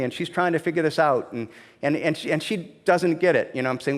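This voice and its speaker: A man delivers a sermon in a conversational, storytelling way, stumbling over restarts and then pressing his points with emphasis. His voice sits high for a man. The sound carries the long reverb of a church hall. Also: a little fast. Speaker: pastor. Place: church sanctuary.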